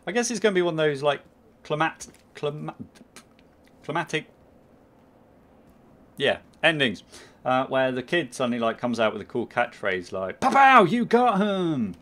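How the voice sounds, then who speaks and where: A man's voice: medium pitch, normal speed, long pauses, a bit bright. A man hosting a gaming channel, giving rambling, chatty let's play commentary full of fillers as he thinks aloud.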